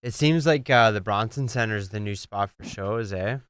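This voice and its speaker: A young man co-hosting a podcast, with a very smooth, resonant voice that sits slightly low. He is easygoing and agreeable, chiming in with quick yeahs. The mic is close and dry. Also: a bit bright, dry recording. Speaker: podcast co-host. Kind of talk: casual chat. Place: home studio.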